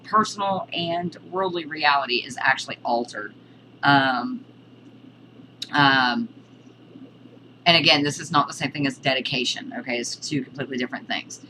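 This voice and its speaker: A woman's voice: sits low, background noise. A woman giving a casual spoken lesson on witchcraft, hesitant, with many ums and restarts. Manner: chatty, breaks off to scold her cat. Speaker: witchcraft teacher.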